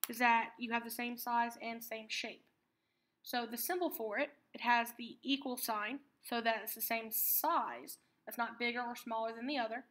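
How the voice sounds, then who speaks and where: A woman teaching a math lesson, patiently explaining terms and repeating key words slowly. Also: on the high side, fairly bright tone.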